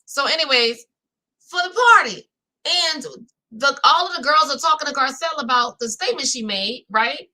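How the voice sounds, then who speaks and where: A woman's voice: sits high, moderate pace, pushed and bright, rough recording. A woman with a New Orleans accent hosting a chatty live recap, talking straight to her viewers and reading out their chat comments. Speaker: reality-show recap host.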